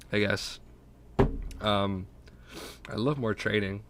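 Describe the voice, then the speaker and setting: A man's voice: fairly low pitch, fairly even intonation, moderate pace, long pauses, a bit bright, no room sound. A young man with a stuffy, sick voice rambling casually and profanely on his own podcast late at night. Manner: rambling, self-deprecating, profane. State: sick, congested. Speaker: podcast host. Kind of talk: casual solo podcast talk.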